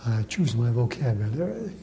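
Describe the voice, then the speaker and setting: A man, a priest, preaching a sermon with slow, emphatic repetition. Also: mid-range voice, big pitch swings, dark tone, dull audio, slight background noise.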